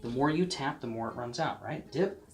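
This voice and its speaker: A man giving a casual painting lesson, chatting to the viewer and often checking in, sometimes dropping to a soft near-whisper as he works. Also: medium pitch, normal speed, soft background music. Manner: drops to a soft near-whisper while working. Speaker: painting instructor.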